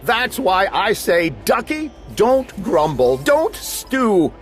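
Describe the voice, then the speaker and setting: A man's voice: high-pitched, sing-song, slow, faint music behind. A man reading a rhyming children's book aloud in a playful, sing-song storytelling manner. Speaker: storybook reader.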